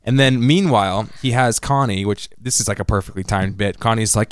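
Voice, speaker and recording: A man in casual chat as a podcast co-host, recapping a story and acting out the characters' lines in quick, jumpy voices. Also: lowish voice, no room sound, studio quality.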